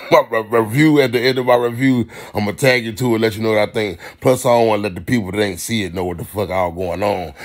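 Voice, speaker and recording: A man rambling casually through a profane movie review, swinging into loud animated rants. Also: lowish voice, fast.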